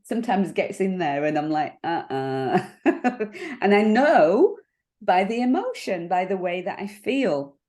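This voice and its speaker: A woman coach talking in a casual interview. She is reflective and halting, and she laughs often as she explains her thinking. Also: medium pitch, big pitch swings, warm tone. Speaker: NLP coach.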